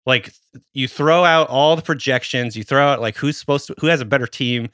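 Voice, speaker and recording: A man's voice: medium pitch, fairly quick, fairly bright tone, no room sound, clean studio sound. A man in his thirties co-hosting a podcast, telling a story in casual chat and swearing freely. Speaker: podcast host.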